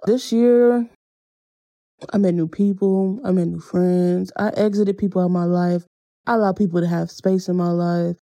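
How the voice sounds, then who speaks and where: Gravelly low-voiced woman podcast host. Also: fairly even intonation, normal speed, warm tone, no room sound. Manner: candid, conversational, slangy. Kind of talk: casual reflective monologue.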